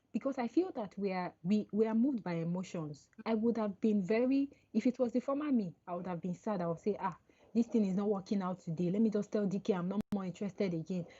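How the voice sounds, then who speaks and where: Woman on a podcast call, husky and a bit high, dark muffled sound, acts out little dialogues. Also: fairly quick. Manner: animated storytelling, acts out quoted dialogue. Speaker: podcast guest, coach. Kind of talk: casual interview chat.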